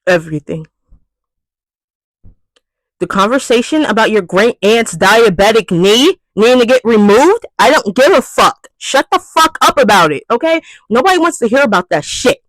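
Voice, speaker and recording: Loud, animated young woman ranting. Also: fairly high pitch, moderate pace, few pauses, dry recording, rough recording. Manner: exasperated, swearing rant. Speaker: vlogger. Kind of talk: ranting vlog monologue.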